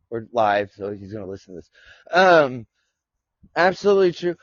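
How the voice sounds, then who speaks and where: A man rambling through a casual live podcast, profane and quick to laugh. His voice sits a little high and sounds dry and close. The audio is dull and lo-fi. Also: sing-song, no echo. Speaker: podcast host. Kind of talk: casual live-stream chat.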